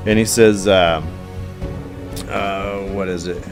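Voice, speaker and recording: A man's voice: on the low side, slow pace, pauses often, music in the background. A man co-hosting a casual podcast chat, retelling scenes in a laid-back way with lots of fillers. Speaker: podcast co-host.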